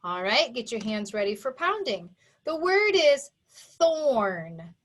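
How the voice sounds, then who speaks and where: A woman teaching a phonics lesson to young children, who sounds out each sound and syllable with slow, careful emphasis. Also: high voice, big pitch swings, fairly bright tone. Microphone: recorded for an online video lesson.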